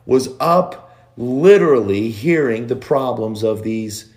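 A man with a medium-pitched, darkish voice preaches a sermon. His delivery is slow and drawn out, repeating phrases for emphasis.

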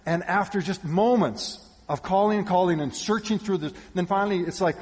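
A male pastor giving a sermon with animated storytelling, shifting between loud calls and hushed asides. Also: sits high, brisk. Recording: long reverb of a church hall.

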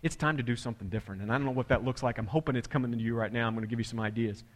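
A man's voice: medium pitch, very fast. A man preaching a sermon as pastor, impassioned and repetitive, often restarting his phrases. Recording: long church reverb.

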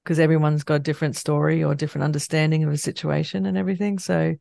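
A podcast host with a gravelly, fairly level delivery, recorded close and dry. The host affirms the guest's story and thinks aloud with small restarts before steering the conversation on. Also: mid-range voice, flat delivery, quick pace, darkish tone, no room sound. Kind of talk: conversational interview.

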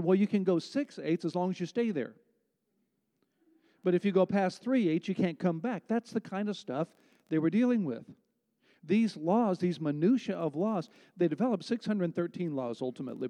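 Male pastor, mellow mid-high voice, emphatic conversational sermon, long hall reverb. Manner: conversational, emphatic preaching with rhetorical questions.

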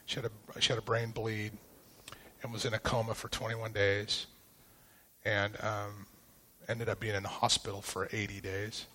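A middle-aged man, a pastor giving a personal testimony, telling it in a halting, emotional way with many restarts. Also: on the low side, flat delivery, bright, forceful tone.

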